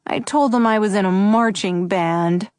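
A woman's voice: high-pitched, expressive, moderate pace, no echo, clean studio sound, pitched above the performer's own voice. A woman voicing an eight-year-old boy who is worried and miserable, speaking in a small, quivering voice. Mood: anxious.

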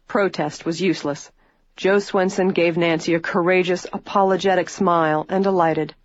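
An audiobook reader narrating a mystery novel in an even, measured way. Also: medium pitch, no echo, dull audio.

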